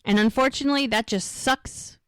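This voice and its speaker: A woman's voice: sits high, fairly quick, clean tone, no echo. Woman recapping an episode, dry sound. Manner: retells scenes in detail, acting out quoted lines. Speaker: podcast co-host.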